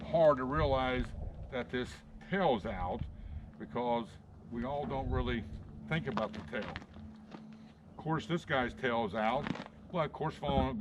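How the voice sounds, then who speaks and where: Guy doing horse chiropractic, chatty and rambling, mid-pitch voice, super noisy outdoor recording. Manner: rambling, soothing asides to the horse. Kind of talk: casual explaining while working on a horse.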